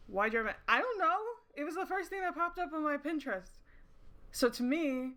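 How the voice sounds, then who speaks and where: A woman with a slightly high voice chats her way through a game at her desk, rambling from thought to thought. She laughs easily and swears freely, with an off-the-cuff, unpolished manner. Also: unhurried, fairly bright tone. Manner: rambling, giggly and profane. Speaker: streamer playing a romance game. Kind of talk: casual let's-play chat. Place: indoors at her screens under dim night lighting.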